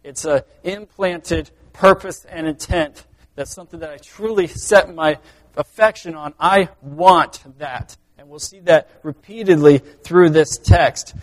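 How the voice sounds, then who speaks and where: A man preaching a sermon, earnest, swinging between loud emphasis and quiet asides. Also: fairly high pitch, a little slow, no echo. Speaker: pastor.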